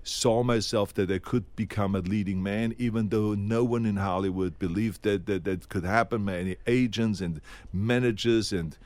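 An older man with a strong non-native accent, telling emphatic, animated stories as an interview guest and often restarting his sentences. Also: fairly low pitch, normal speed, dry recording. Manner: emphatic, animated anecdotes with many restarts and acted-out quotes. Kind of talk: storytelling in a sit-down interview.

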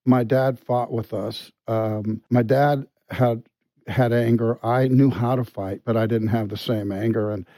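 Mellow-voiced man telling a story haltingly. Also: mid-range voice, steady tone, no room sound. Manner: halting, full of restarts and quiet asides. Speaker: guest. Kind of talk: conversational storytelling.

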